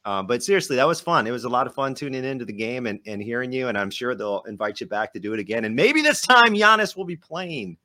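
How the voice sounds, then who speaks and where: A man's voice: medium pitch, lively intonation, fast talker, few pauses, bright, forceful tone. A man hosting a podcast, talking casually in a chatty, rambling way with frequent restarts. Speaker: podcast host. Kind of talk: casual chat.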